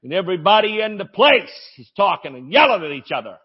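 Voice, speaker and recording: A man preaches with a lively, swinging voice that sits a little high, breaking into shouts and joking asides. The audio is dull and lo-fi. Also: quick pace, slightly rough. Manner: animated preaching, shouting exclamations, asides and jokes. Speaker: pastor. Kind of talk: sermon.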